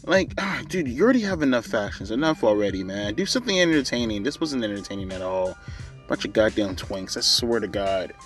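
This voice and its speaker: A man's voice: lowish voice, big pitch swings, fairly quick, a bit bright, faint music behind. A man ranting through a casual, profane, sarcastic wrestling show review.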